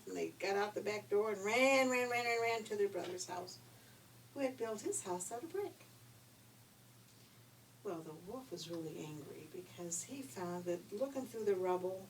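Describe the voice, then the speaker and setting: A woman's voice: medium pitch, expressive, normal speed. Older woman telling a children's story. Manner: homey, chatty storytelling. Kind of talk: reading a children's story aloud. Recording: distant mic, faint hiss.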